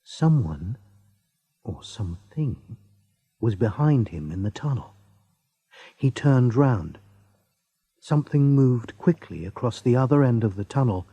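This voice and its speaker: Man, slow audiobook narration, lively intonation, dry close sound. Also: medium pitch, no room sound, muffled recording. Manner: slow, clear and deliberate. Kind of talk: slow graded-reader narration.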